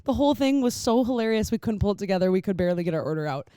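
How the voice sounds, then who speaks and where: A woman's voice: medium pitch, very fast, clean tone, no room sound, clean studio sound. A young woman co-hosting a podcast, telling stories in casual chat with lots of fillers. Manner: animated storyteller, lots of "like". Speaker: podcast co-host.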